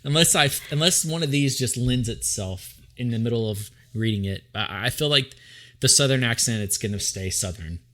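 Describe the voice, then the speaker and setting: A man's voice: medium pitch, normal speed, fairly bright tone. A man from Tennessee hosting a casual podcast, playful and talkative, often restarting his sentences. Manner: playful, trails off and restarts, breaks into sung jingles. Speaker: podcast host. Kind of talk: casual chat.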